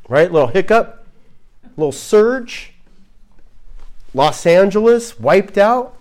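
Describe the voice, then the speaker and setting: A pastor from Southern California preaches slowly, pausing to let his points sink in. His voice sits a little high for a man, and he keeps firing rhetorical questions between relaxed, chatty asides. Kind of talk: sermon.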